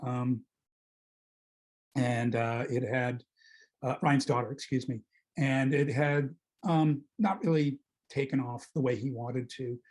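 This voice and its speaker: A man's voice: medium pitch, fairly even intonation, slow, long pauses, darkish tone, rough recording. Hesitant, discursive male film critic. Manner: discursive, hesitant, self-correcting. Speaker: film critic leading a film club talk.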